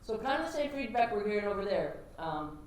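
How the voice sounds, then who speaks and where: A woman instructor giving direct, encouraging feedback to students practicing pitches in a classroom. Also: big pitch swings, fast. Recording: echoey classroom with background noise.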